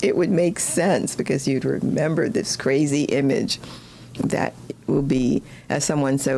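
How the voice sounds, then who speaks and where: Woman teacher, low gravelly voice, chatty casual lesson with frequent laughs, faint background hiss. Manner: chatty, animated, laughs often, pitch jumps when excited. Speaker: study skills teacher.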